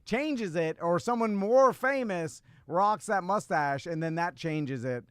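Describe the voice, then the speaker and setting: A man's voice: sits high, animated, unhurried, fairly bright tone, clean tone, no echo. A man co-hosting a podcast in casual chat, rambling with many restarts and frequent laughs. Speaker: podcast co-host.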